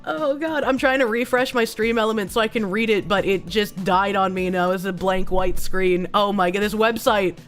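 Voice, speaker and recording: A woman with a hoarse, sick-sounding voice, chatting casually on a live stream as she reads donations, rambling and swearing freely. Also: medium pitch, fairly even intonation, normal speed, few pauses, faint music behind. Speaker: streamer reading chat and donations.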